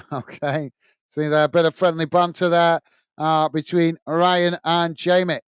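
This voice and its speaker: Brief: middle-aged Northern English man, watch-along host, fairly high smooth voice, blunt and chatty, dry close sound. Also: little pitch movement, measured pace, dry recording. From north of England. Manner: chatty, blunt, laughs easily, says mate a lot. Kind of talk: match commentary and reading out viewer chat.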